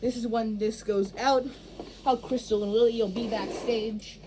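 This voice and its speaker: A woman's voice: on the high side, steady tone, moderate pace, background noise. A woman director walking actors through stage blocking in a casual, rambling way, full of fillers and restarts. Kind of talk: casual rehearsal instructions.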